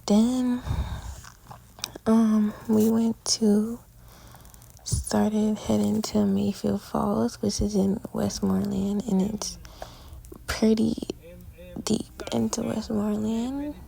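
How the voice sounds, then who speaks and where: A woman's voice: medium pitch, little pitch movement, slow, creaky, pauses often, warm tone, husky, low-quality recording. An eighteen-year-old woman narrating a casual travel vlog in a chatty, slangy storytelling way. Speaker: vlogger.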